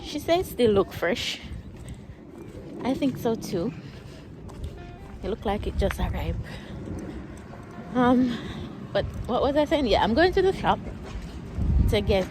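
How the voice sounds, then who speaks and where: A woman's voice: fairly high pitch, expressive, takes it slowly, pauses often, background noise. A woman from Jamaica with a Jamaican accent, chatting casually while walking outdoors for her vlog, out of breath and laughing often. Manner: chatty, laughs often, uses patois phrases. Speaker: vlogger. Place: outdoors on a street.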